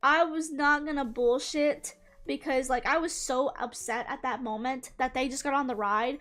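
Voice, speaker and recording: A young woman with a high, bright voice telling a story in a loose, animated chat, swearing freely as she goes. Soft music plays faintly behind her. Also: fairly quick. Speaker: YouTuber.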